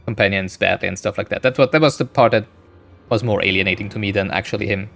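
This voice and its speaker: A man's voice: lowish voice, fairly even intonation, fast talker, gravelly, a bit bright, soft background music. A man giving casual, rambling gameplay commentary, thinking aloud with frequent hesitations. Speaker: gaming streamer.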